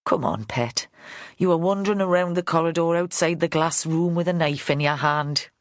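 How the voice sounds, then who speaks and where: A woman's voice: low-pitched, moderate pace, no echo, close to an everyday voice. A woman reading an audiobook, voicing a blunt, plain-spoken middle-aged woman detective. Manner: plain-spoken, dry, homely. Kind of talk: audiobook character voice.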